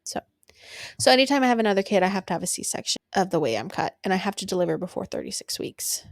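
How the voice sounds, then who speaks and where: Laughing while she tells it, a young woman hosting her own podcast shares a personal story, unfiltered, blunt, and full of swearing. She talks fast in a sing-song, mid-pitched voice with gravelly fry, captured close and dry without echo.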